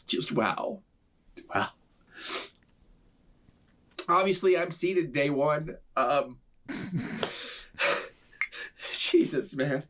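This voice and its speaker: A man's voice: on the high side, extremely slow, pauses often, fairly bright tone. A man in a video reacting to a film trailer, rambling earnestly and gushing as a devoted fan. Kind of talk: enthusiastic fan reaction commentary.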